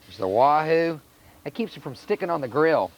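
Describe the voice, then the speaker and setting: A man with a North Carolina accent, a chef talking through a cooking demonstration in a relaxed, plainspoken way. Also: fairly high pitch, moderate pace, vocal fry. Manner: relaxed, plainspoken, step-by-step instruction. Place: outdoor charcoal grill by a house. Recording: dull lo-fi VHS recording.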